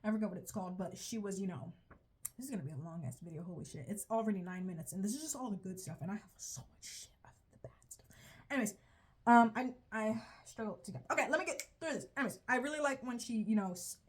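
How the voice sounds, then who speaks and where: A woman's voice: medium pitch, quick pace. A young woman giving a casual, rambling, profane video commentary, often stopping mid-sentence and laughing at herself. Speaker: video creator reviewing a show.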